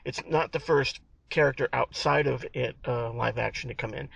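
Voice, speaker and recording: A man's voice: mid-range voice, moderate pace, vocal fry, a bit bright, breathy edge, no room sound, low-quality recording. A man co-hosting a podcast, chatting casually and rambling through detailed fan explanations. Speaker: podcast co-host.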